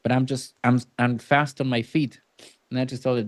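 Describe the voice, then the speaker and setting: Blunt, animated male sales coach. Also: medium pitch, normal speed, no echo. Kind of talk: coaching a role-play session.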